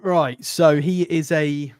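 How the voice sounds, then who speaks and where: A man co-hosting a football podcast, talking through a player in a quick, casual, analytical way. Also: a little high, fairly even intonation, a little mellow, smooth, dry recording, studio quality. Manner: chatty, fast, analytical. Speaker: co-host.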